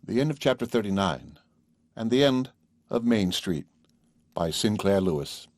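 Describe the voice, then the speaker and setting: A man narrating an audiobook of a classic novel in a measured, clear way. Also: fairly low pitch, sing-song, a little mellow, no room sound, clean studio sound.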